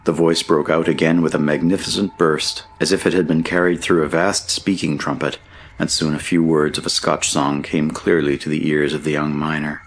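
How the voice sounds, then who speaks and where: A man narrating an audiobook in a steady, measured reading. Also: a bass voice. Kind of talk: scripted narration.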